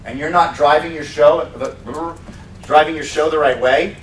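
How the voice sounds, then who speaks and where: A man training salespeople at a seminar, talking in a lively way and acting out demo scenes. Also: on the high side, normal speed. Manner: lively, acts out scenes in put-on voices. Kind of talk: animated seminar teaching. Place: seminar room. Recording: roomy sound from a distant mic with faint noise.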